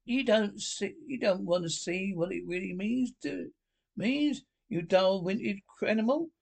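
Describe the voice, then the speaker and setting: Man voicing an impatient excitable rat. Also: sits high, vocal fry, pitched above the performer's own voice, full character voice. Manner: eager, quick to scold. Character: excitable male water rat, bossy and impatient. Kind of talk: storybook reading.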